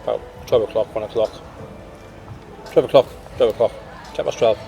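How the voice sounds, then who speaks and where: A man's voice: lowish voice, moderate pace, gravelly, dark tone. A tired man from the UK casually reviewing a cruise ship cabin in a vlog, chatty and matter-of-fact. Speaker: vlogger touring a cruise cabin. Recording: background music mixed over the voice. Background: music.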